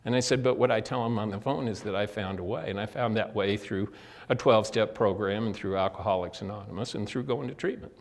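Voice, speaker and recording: A man's voice: fairly low pitch, quick pace, creaky. An older man giving a motivational talk as guest speaker, telling folksy stories, acting out quoted dialogue and addressing his listeners directly. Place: prison meeting room.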